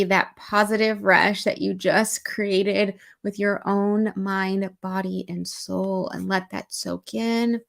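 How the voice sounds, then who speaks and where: A woman's voice: mid-range voice, vocal fry. A woman coaching a live-stream EFT tapping and guided meditation session, speaking in a soothing, encouraging voice.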